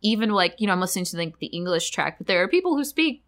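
A woman's voice: fairly low pitch, big pitch swings, fast talker, a bit bright. A woman co-hosting a podcast, chatting casually and laughing along while talking about a movie. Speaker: podcast co-host. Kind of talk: casual chat recapping a movie.

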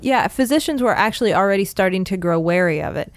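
A woman's voice: mid-range voice, expressive, fast talker, no echo. A woman co-hosting a casual history podcast, explaining with frequent fillers and laughing easily. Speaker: co-host.

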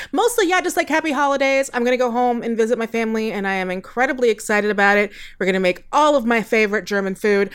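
A woman's voice: sits high, fairly bright tone. A woman co-hosting a podcast, chatting casually, rambling and swearing with frequent laughter. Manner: profane, rambling, laughs often. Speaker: podcast co-host.

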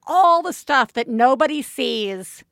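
A woman co-hosting a chatty parenting podcast, her voice high and gravelly with a vocal fry. She talks in an effusive, animated way and laughs often. The recording is dry and close. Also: slow pace, no room sound. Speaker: podcast co-host. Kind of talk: casual chat.

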